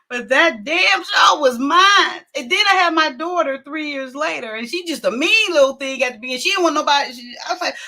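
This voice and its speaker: Animated laughing woman storyteller, bright high voice. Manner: animated, laughs often, acts out quotes. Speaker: talk show host. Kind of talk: casual storytelling.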